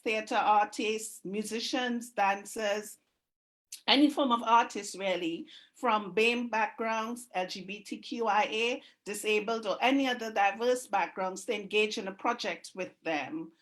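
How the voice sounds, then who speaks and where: A woman's voice: mid-range voice, unhurried, fairly bright tone. A woman hosts an online community event over a video call. She makes casual, chatty announcements and introduces performers.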